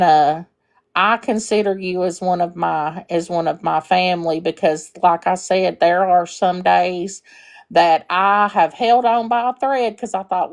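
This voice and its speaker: A woman calling in to a live stream, telling a story sincerely with frequent fillers. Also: mid-range voice. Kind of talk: casual heartfelt storytelling.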